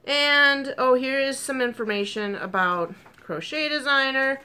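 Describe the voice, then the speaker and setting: Woman, casual crafting vlog, excitable, gushing, lots of ums, sore tongue, bright tone. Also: high-pitched, a little slow, clear, resonant tone. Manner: chatty and gushing, with frequent ums and excited asides. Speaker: crochet vlogger. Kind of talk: casual chat.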